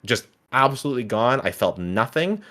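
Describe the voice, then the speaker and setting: A man in his thirties telling a personal story in casual conversation, halting and restarting, sometimes acting out what others said. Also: medium pitch, sing-song, sharp tone. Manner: halting, restarts often, acts out quoted people. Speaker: guest.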